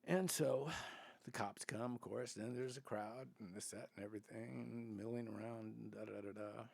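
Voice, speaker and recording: A man's voice: fairly low pitch, fairly even intonation, normal speed, creaky, darkish tone, dry recording. An older man telling rambling stories as a podcast guest, full of restarts and asides. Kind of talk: casual storytelling.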